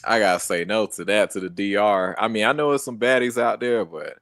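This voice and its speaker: A man's voice: lowish voice, a little fast, a bit bright, dry recording, studio quality. A young American man co-hosting a casual streamed chat, laid-back and slangy, laughing often. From United States. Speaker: co-host.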